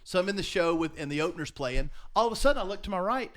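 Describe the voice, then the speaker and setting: A middle-aged man with a fairly high voice, chatting casually on a podcast. He rambles through stories with lots of false starts and drops into voices for the people he quotes. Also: expressive, racing, a bit bright. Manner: rambling storyteller with many restarts and voiced quotes. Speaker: podcast co-host. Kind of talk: casual chat.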